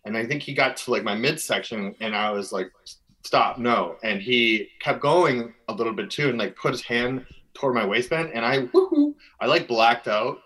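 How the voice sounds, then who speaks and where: A man's voice: mid-range voice, fairly quick, bright, forceful tone, rough recording. A man from Minnesota, a guest telling a long personal story in a casual interview, full of fillers and restarts. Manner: rambling, filler-heavy, earnest.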